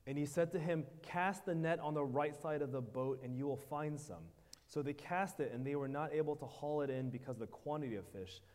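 Man, preacher, sermon, short phrases with pauses, higher voice, long hall reverb. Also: a little mellow. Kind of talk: sermon with live interpretation.

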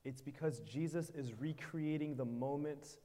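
A man's voice: a little high, fairly even intonation, mellow. Man preaching in short bursts, in a reverberant hall. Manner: pauses in short phrases for interpreter. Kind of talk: sermon with live interpretation.

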